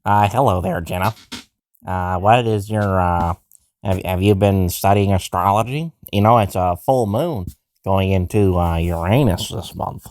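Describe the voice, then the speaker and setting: A man's voice: low-pitched, measured pace, darkish tone. A man voicing a dorky, awkwardly polite man chatting someone up at a club.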